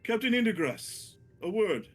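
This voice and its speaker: A man voicing a well-dressed male lawyer who makes calm, courteous requests. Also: medium pitch, unhurried, breathy edge, faint music behind, heavily acted. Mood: polite.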